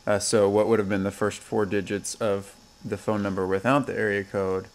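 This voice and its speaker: A man with a fairly low voice speaks in relaxed, casual conversation. He sounds easygoing and conversational. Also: normal speed. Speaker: host. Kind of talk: casual chat.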